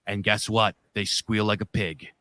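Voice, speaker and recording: A man's voice: lowish voice, little pitch movement, a little slow, bright, forceful tone, dry recording. A man co-hosting a podcast, telling a long story in a loose, profane, rambling way. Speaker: podcast co-host.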